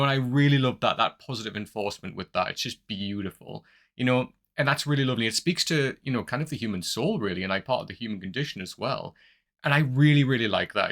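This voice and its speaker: Casting note: male music reactor, mid-pitched, effusive and gushing, loose chatty delivery. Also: a bit bright. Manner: enthusiastic, gushing praise with many fillers; upbeat sign-off plea to viewers. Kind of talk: casual music commentary.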